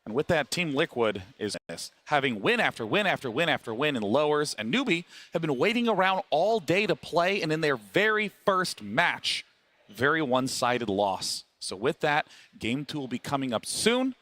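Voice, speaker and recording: Bright upbeat esports panel host man. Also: on the high side, sing-song, moderate pace. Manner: upbeat, steers talk between guests. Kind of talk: live broadcast panel hosting.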